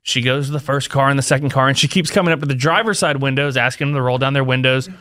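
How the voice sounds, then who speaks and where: A man co-hosting a comedy podcast, telling a story in a lively, animated way, laughing and jumping into loud exclamations, just back from an illness. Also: mid-range voice, quick pace. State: recovering from illness. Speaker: podcast co-host.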